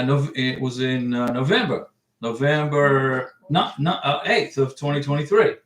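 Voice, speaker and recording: Man, livestream host, casual advice, rambling, repeats himself, slightly high voice, echoey room.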